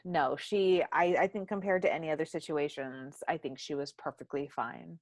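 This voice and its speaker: A woman's voice: low-pitched, normal speed, no room sound. A young adult woman hosting a podcast, chatting casually and telling candid stories with frequent swearing. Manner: candid, profane, animated storytelling. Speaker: podcast host. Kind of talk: casual chat.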